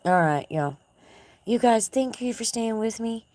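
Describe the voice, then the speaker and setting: A woman's voice: on the high side, expressive, measured pace, a little mellow. A woman with a Texan accent hosting a casual live stream from her porch, folksy and chatty with her viewers. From Texas. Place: outdoor porch at dusk.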